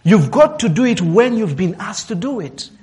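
A man delivers a sermon in a somewhat high voice. He rises and falls in pitch and loudness to stress his points, acting out quotes and breaking into short laughs. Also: big pitch swings, moderate pace. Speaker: preacher. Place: office worker.

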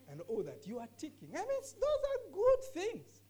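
A woman's voice: very high voice, wildly swooping pitch, normal speed, mellow. A woman teaching scripture during a discussion, earnest and emphatic, often repeating her key phrases. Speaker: bible teacher.

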